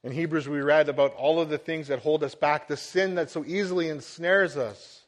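A middle-aged man delivering a sermon with a notably high voice. He preaches earnestly, leaning into emphatic swells as he drives a point home. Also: steady tone, moderate pace. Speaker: pastor.

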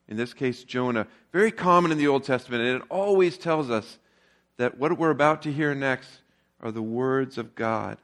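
A male pastor preaching a sermon in a relaxed, conversational storytelling way. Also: medium pitch, moderate pace.

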